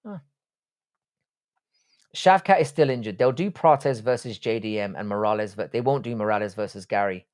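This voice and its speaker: A man's voice: lowish voice, moderate pace, pauses often, a little mellow. A man with a Southwest London accent hosting a casual live stream, reading chat and bantering with heavy swearing. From England. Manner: profane, teasing banter.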